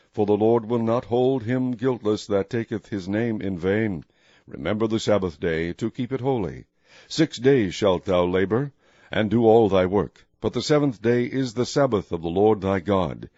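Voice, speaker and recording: A preacher reading scripture aloud in a solemn, measured way, with deliberate phrasing. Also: male voice, fairly low pitch, dark tone, dry recording. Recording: muffled recording with faint music behind.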